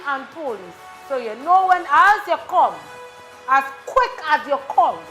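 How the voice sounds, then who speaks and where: Insistent, high-voiced Trinidadian woman pleading. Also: fairly bright tone. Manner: insistent, pleading, dialect-heavy. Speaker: community advocate. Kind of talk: passionate street talk.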